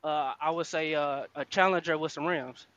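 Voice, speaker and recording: A man telling his own experience in a live audio chat room, earnest and halting, with many fillers. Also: a little high, steady tone, lo-fi sound, a crowd in the background. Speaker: room speaker.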